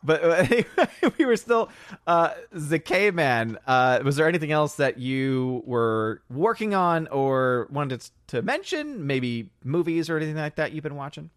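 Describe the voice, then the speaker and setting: A man's voice: a little high, very animated, unhurried, smooth, no room sound, clean studio sound. Chatty laughing male podcast host. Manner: chatty, laughs often, rambling. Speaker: podcast host reading chat. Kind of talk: casual chat.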